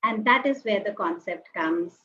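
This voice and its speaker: A woman giving a lively webinar talk, acting out quoted reactions and asking the audience to join in. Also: mid-range voice, normal speed. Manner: animated, acts out quoted reactions, asks the audience. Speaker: webinar speaker. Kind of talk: lively motivational talk with acted asides. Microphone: webinar call mic. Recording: slightly dull audio with faint noise.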